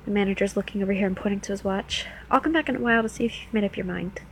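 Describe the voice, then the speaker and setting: A woman's voice: mid-range voice, rapid-fire, slight background noise, lightly acted, rough recording. A woman playing a teasing New Jersey club dancer. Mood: flirty teasing. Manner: playful, teasing, coaxing. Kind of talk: first-person audio role-play.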